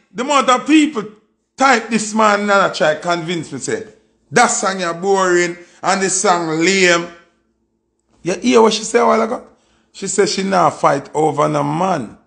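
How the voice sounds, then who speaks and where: Gravelly, high-voiced Jamaican man. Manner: excitable, exclamatory, swears freely. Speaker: music reaction host. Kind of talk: excited music reaction commentary.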